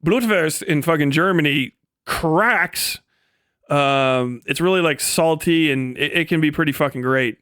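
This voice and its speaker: A male live streamer talks casually, swearing freely and wandering from point to point. His voice sits high for a man, and the sound is dry and close with no room echo. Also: a little slow, a bit bright, clear, resonant tone. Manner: profane, rambling, laughs often.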